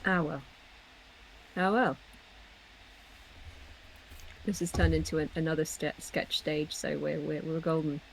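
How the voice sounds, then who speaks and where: Low-voiced woman joking while drawing. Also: fairly even intonation, measured pace, vocal fry, long pauses, slight background noise, poor audio. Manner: offhand, joking asides. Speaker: livestream co-host and artist. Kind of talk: casual chat while drawing.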